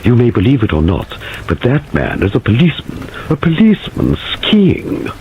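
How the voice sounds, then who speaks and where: A man voicing a disapproving, imperious older woman with a booming, acid voice. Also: wildly swooping pitch, moderate pace, muffled recording, noisy background. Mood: scornful.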